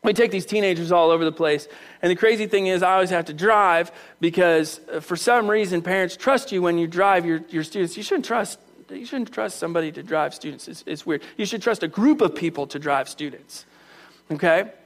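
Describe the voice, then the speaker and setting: High-voiced, animated male preacher. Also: fairly quick. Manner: animated, emphatic, talks directly to the congregation. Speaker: pastor. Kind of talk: sermon.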